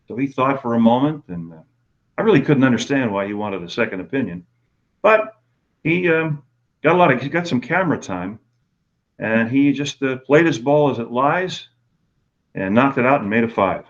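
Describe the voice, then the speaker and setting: A man in his sixties teaching golf rules in a webinar, talking in a relaxed, halting way with many fillers. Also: medium pitch. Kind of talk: webinar lecture with anecdotes. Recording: dull lo-fi webinar audio.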